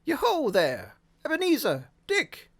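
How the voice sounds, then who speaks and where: Jolly fat old merchant yelling orders done by a guy, high and loud, gravelly. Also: wildly swooping pitch, measured pace, exaggerated voice. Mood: jovial. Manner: booming, hearty calls. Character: jolly stout old male merchant, boisterous.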